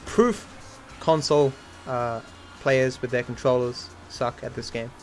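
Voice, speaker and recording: A man livestreaming a speedrun while reading and answering his chat, with plenty of swearing. He grumbles at bad luck and pokes fun at himself. His voice sits in an ordinary middle pitch, with faint music underneath. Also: a little slow. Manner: swears often, talks to chat between attempts; easily frustrated, self-mocking. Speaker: speedrunning streamer. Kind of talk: live gameplay commentary.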